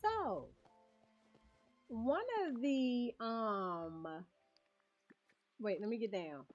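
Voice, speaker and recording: A woman's voice: fairly high pitch, lively intonation, drawn-out words, faint music behind. A woman streaming a cozy game, chatting and often laughing as she talks to her viewers. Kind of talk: casual game stream chat. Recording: dull lo-fi stream audio.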